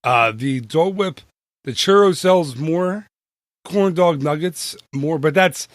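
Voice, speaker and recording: A man co-hosting a podcast in casual chat, excitable, laughing often and reeling off numbers. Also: a little high, takes it slowly, dry recording, clean studio sound. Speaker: podcast co-host.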